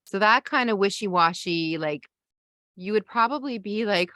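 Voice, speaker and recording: A woman's voice: mid-range voice, lively intonation, normal speed, bright, forceful tone, no room sound. A woman hosting a live summit stream who talks to her viewers in an encouraging, coaching way. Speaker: summit host.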